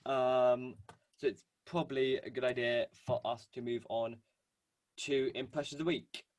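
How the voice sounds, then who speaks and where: A man's voice: medium pitch, flat delivery, normal speed, darkish tone, dry recording. A young man co-hosting a casual podcast, rambling with lots of fillers. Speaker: podcast co-host. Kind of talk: casual chat.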